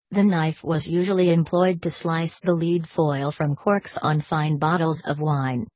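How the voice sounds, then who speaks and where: A woman narrating a novel as an audiobook in a steady, measured reading. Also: low voice, no echo, poor audio. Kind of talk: scripted narration.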